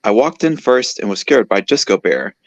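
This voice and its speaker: Brief: low-voiced guy reading fan fiction aloud, casual and stumbling, dull lo-fi sound. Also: sing-song, normal speed, dry recording. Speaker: host.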